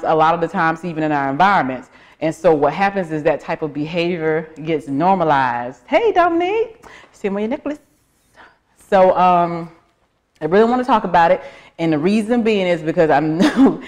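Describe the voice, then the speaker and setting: Southern woman host, low voice, loose live chat with viewers. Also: a little mellow. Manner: chatty, greets viewers by name between points. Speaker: livestream host. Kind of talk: casual live-stream chat.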